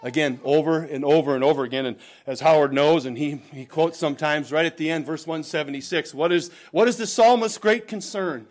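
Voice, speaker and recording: A man delivering a sermon in a fairly high-pitched voice. He preaches emphatically, swelling in volume on key points and sinking low and soft as phrases close, often addressing his listeners as brethren. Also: normal speed. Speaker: pastor.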